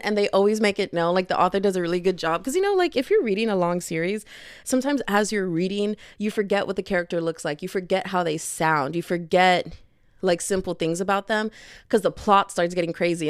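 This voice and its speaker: A young woman hosting a podcast in casual chat, gushing and animated, with lots of "like". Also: mid-range voice, clean tone, no room sound, clean studio sound. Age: young adult. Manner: gushing, animated, heavy filler "like". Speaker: podcast host. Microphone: headphones on, podcast mic.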